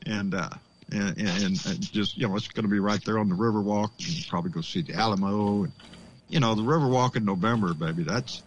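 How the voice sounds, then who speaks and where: A man hosting a casual call-in show, excitable and folksy, swearing freely and calling people "baby". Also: fairly low pitch, fairly quick, dull audio, a little hiss or hum. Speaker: podcast host.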